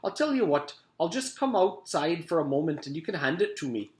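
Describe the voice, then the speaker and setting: A man playing a mean, voice-stealing teacher who sneers at the children and turns sugary-polite with grown-ups. His lines come loud and pushed, and the room gives them a roomy echo. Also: fairly high pitch, big pitch swings, fairly quick, pitched above the performer's own voice. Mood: falsely polite. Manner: sneering, then falsely polite.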